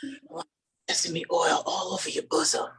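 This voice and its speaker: A woman voicing a smooth-talking male suitor on a phone line, murmuring low and half whispered. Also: very animated, moderate pace, heavily acted. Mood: sultry.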